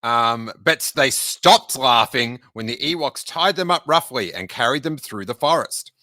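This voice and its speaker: A podcast host reading a children's book aloud, jokey and animated, breaking in to do character voices and make asides. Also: male voice, mid-range voice, a little slow, no room sound. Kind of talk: casual read-aloud with commentary.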